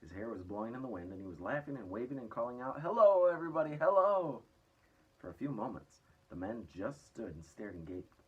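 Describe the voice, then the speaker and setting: Husky man reading a storybook aloud. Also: on the low side, a little fast, muffled recording. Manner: lively character voices, mostly raised and excited. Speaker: reader. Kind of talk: reading a children's book aloud.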